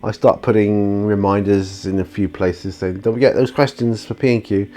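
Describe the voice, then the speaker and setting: A man's voice: fairly low pitch, steady tone, normal speed, mellow. A man hosting his own channel, answering viewer questions in a casual, rambling monologue with plenty of ums and restarts. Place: outdoors near his studio.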